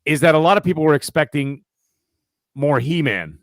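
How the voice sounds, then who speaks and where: Man chatting casually, slightly high voice. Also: moderate pace, no room sound. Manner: animated, profane, repeats "right?". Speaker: podcast co-host. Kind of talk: casual chat.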